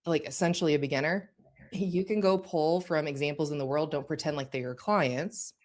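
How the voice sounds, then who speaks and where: A woman with a notably low voice leads a course in an easy, conversational way. She speaks directly and often stops to check that her listeners are following. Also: fairly even intonation, a little fast, a little mellow. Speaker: course instructor. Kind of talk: conversational teaching.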